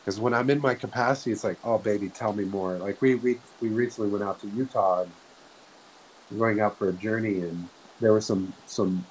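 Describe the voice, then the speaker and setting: A man with a lowish voice talks in a slow, earnest, reflective way about inner growth, often stopping and restarting mid-thought. A faint hiss runs under the recording. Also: fairly even intonation, rough recording. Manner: slow, soft-spoken, earnest, with frequent restarts. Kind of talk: reflective spiritual talk.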